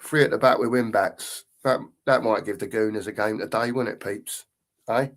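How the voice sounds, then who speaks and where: A man's voice: fairly low pitch, normal speed. A middle-aged man hosting a casual live football stream, reading out chat and greeting viewers in a matey way.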